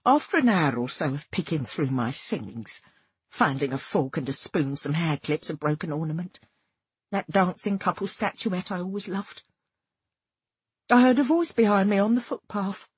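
A woman reads a first-person story aloud with expressive delivery. Her voice is very husky and breathy, and her pitch moves freely up and down. The recording is dry and close. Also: moderate pace, dry recording. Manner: expressive, acts out dialogue. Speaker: audiobook narrator. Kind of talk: scripted first-person narration.

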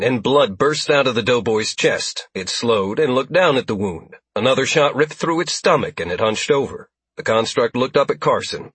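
Male narrator, scripted narration, steady, husky voice, dry recording. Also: medium pitch, no room sound. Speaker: audiobook narrator.

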